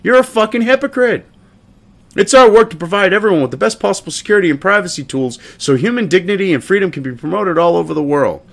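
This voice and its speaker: A man's voice: sits high, expressive, fast, creaky, hardly any pauses, a bit bright. A man hosting a commentary show, ranting profanely and mocking a statement as he reads it aloud.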